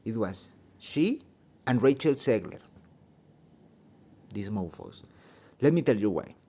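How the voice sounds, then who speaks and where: Halting Mexican-accented man, low mellow voice. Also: lively intonation, slightly rough. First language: Spanish. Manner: halting, searching for words, many ums; blunt, swears freely. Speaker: channel host. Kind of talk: opinion vlog rant.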